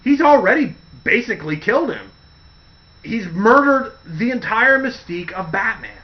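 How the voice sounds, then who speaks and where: A man's voice: high-pitched, expressive, normal speed, muffled recording. A man hosting a casual podcast, rambling through stories and acting out quotes along the way. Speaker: podcast host. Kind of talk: casual chat.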